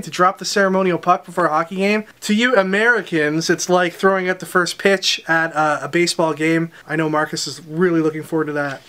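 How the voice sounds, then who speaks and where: Guy running through new comics, upbeat, high bright voice. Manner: brisk, upbeat listing with dry asides. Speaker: comic shop host. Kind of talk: unboxing product rundown. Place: comic book store.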